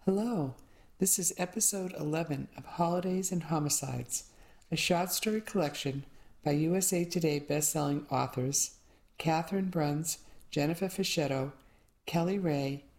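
A woman reading a mystery short story aloud as an audiobook narrator, steady and clear. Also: sits low, normal speed. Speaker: audiobook reader.

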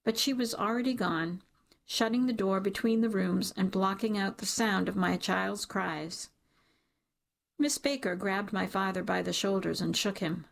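A woman narrating a first-person audiobook in an emotional, measured way. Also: medium pitch, vocal fry.

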